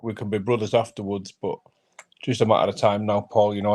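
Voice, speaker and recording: A man's voice: on the low side, level tone, brisk, a little mellow. A man, a fighter who is a guest on a live chat, talking in an intense, fired-up and sweary way. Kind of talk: casual live-stream chat.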